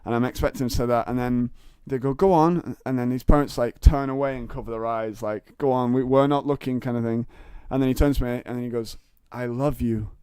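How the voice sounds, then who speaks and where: A man's voice: medium pitch, little pitch movement, fast, few pauses, darkish tone, smooth, no room sound, studio quality. A young man, a comedian and podcast guest, telling rambling stories in casual chat with lots of fillers and restarts.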